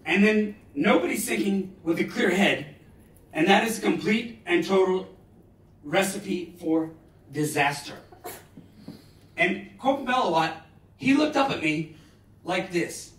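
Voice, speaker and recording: A man in his forties giving a live motivational talk, telling stories dramatically with bursts of loud emphasis. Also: high-pitched, expressive, unhurried, long pauses. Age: 40s. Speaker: motivational speaker. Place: large lecture hall. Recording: roomy hall, distant mic.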